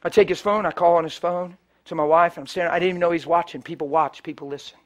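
High-voiced man preaching a story. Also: fast. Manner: animated storyteller, swings from hushed to loud. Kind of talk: storytelling sermon.

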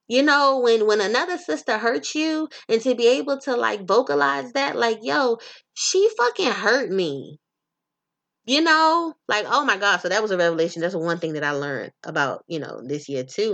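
Woman podcast host, casual profane monologue, animated and direct with listeners. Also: fairly high pitch, fairly quick, creaky, hardly any pauses.

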